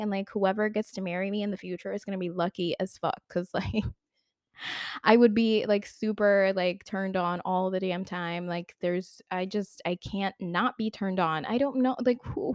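A woman's voice: medium pitch, a little mellow, dry recording, studio quality. A young woman talking frankly to the camera in a casual question-and-answer vlog, full of "like" and little laughs. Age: young adult. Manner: chatty, filler-heavy with "like", giggly, frank. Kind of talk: candid casual Q&A monologue.

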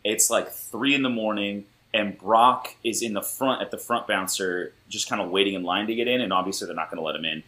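A man in his thirties, a podcast guest, telling a story in a loose, animated way and laughing often. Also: fairly low pitch, a little fast, hardly any pauses, low-quality recording. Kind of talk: casual storytelling.

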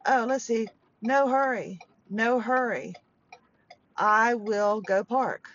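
A woman's voice: a little high, slow pace, a bit bright, lo-fi sound. Rambling woman in her fifties chatting from a parked car. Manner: rambling, emotional, self-interrupting. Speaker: podcast host. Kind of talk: rambling personal chat.

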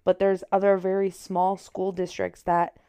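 Mellow, smooth-voiced chatty woman. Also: mid-range voice, completely flat delivery, normal speed. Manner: chatty, agreeing fillers, searches for words. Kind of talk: casual chat.

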